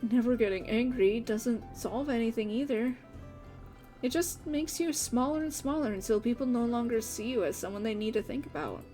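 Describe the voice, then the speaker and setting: A wise tavern innkeeper, played by a woman, who offers gentle, encouraging counsel in a lively, fairly high voice. Soft music plays in the background. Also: normal speed, natural voice. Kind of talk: fan voice acting of a game.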